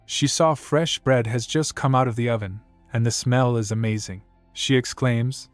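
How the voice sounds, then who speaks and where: A man narrating a comic story recap in a steady storytelling manner. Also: mid-range voice, moderate pace, few pauses, no echo, faint music behind.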